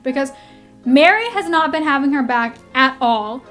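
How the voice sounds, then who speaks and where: A young woman vlogger reacting casually, talking in an animated, blunt and sweary way. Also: sits high, moderate pace, faint music behind.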